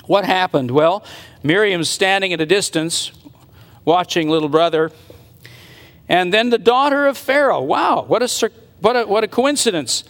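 A man's voice: sits high, moderate pace, fairly bright tone. A man preaching a sermon, retelling a Bible story earnestly and speculating aloud about what happened. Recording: long reverb of a large hall.

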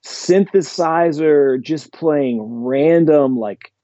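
A man's voice: a little high, very slow, warm tone, no echo, highs cut off. A man in casual chat, rambling enthusiastically with lots of fillers. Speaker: podcast guest.

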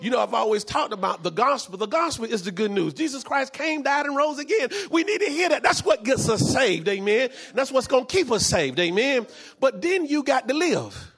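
A man's voice: extremely high pitch, sing-song, a little fast, a bit bright, breathy edge. A man preaching a sermon as pastor, fervent and repetitive, dropping in frequent amens.

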